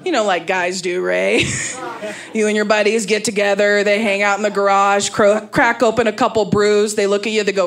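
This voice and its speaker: A woman's voice: mid-range voice, moderate pace. A woman in her thirties from Las Vegas, doing a candid, brash stand-up set on a comedy club stage, talking into a handheld mic. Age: 30s. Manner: brash, candid storytelling with big animated asides. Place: comedy club stage before a live audience. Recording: live club recording with audience laughter. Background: crowd laughter and room ambience.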